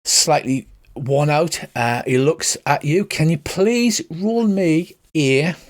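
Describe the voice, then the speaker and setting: Man running a tabletop game. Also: a little high. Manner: measured, descriptive, frequent "right" and "uh". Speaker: game master.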